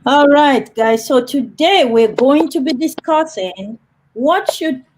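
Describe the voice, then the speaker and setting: A woman's voice: high-pitched, lively intonation, slow, a little mellow, slight background noise, poor audio. A woman hosting a live online panel over a video call, chatty and upbeat. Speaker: host.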